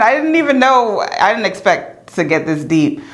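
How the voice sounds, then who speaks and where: A woman's voice: lowish voice, big pitch swings, unhurried, hardly any pauses. A woman hosting a podcast, chatting candidly and laughing easily with her guest. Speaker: podcast host. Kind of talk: casual podcast chat.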